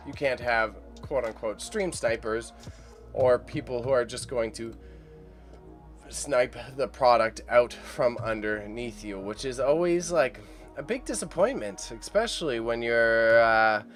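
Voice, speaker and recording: A young man from Canada hosting a casual live stream about an auction. He talks in a loose, chatty way, swears, laughs often and jumps up in pitch when excited.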